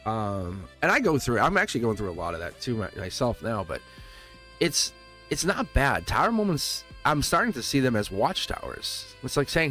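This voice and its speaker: Animated man giving a live tarot reading. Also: medium pitch, normal speed, faint music behind. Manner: fervent, reassuring, repeats phrases, laughs often. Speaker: tarot reader.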